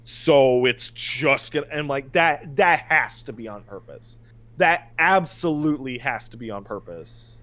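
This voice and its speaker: Excitable swearing podcast man. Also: medium pitch, a little slow. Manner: excited, exasperated storytelling with restarts and swearing. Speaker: podcast co-host. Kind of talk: casual chat.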